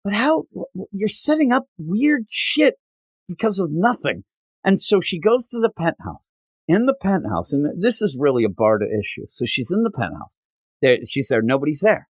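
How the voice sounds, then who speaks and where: Animated, exasperated male podcast host. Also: high-pitched, moderate pace, no echo, studio quality. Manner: animated, exasperated, quotes characters in mock voices. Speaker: podcast co-host reviewing comics. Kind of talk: casual chat.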